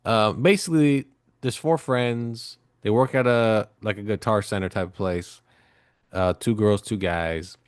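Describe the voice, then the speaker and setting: A man's voice: on the low side, a little slow, smooth, no echo, clean studio sound. A man co-hosting a podcast, telling a movie story in a loose, profane, rambling way with plenty of fillers. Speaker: podcast co-host. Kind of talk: casual chat.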